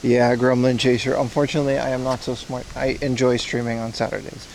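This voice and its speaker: A man speaks a little fast with vocal fry and little pitch movement, at medium pitch, over slight background noise. He's livestreaming while walking outdoors in the heat, past streets and a shrine, rambling casually with his viewers.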